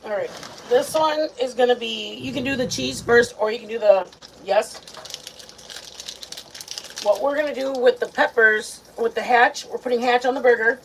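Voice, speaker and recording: Chatty woman cooking over loud sizzle. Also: on the high side, normal speed, slight background noise, poor audio. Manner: chatty, excitable, talks straight to viewers. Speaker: home cooking vlogger. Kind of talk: casual cooking chat. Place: home kitchen. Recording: kitchen with loud frying and sizzling.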